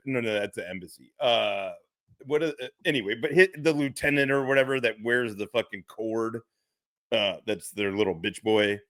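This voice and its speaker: A man's voice: lowish voice, fairly bright tone, no room sound, studio quality. A middle-aged man casually telling a rambling, profane story and acting out the people in it. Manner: rambling, profane, laughing, acts out quoted officers. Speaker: podcast co-host.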